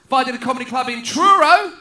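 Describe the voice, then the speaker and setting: High-voiced cheeky comedian with a southeast English accent. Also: male voice, expressive, quick pace, bright, forceful tone, reverberant, a little hiss or hum. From Luton, England. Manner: cheeky, playful, calls to the crowd. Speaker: stand-up comedian. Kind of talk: stand-up routine. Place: large stadium conference venue.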